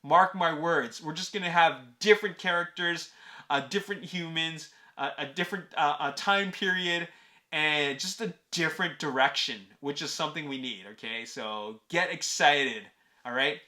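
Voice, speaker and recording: A man hosts a casual movie news vlog, eager and emphatic as he speaks straight to his viewers. His voice sits a little high and carries a bright, forceful edge. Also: moderate pace. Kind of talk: casual fan commentary to camera.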